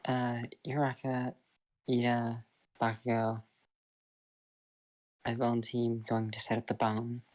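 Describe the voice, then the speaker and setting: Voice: mid-range voice, completely flat delivery, slow pace, long pauses, darkish tone. Rambling casual storyteller. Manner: loose, rambling, with fillers like "like". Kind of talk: casual improvised fan-fiction retelling.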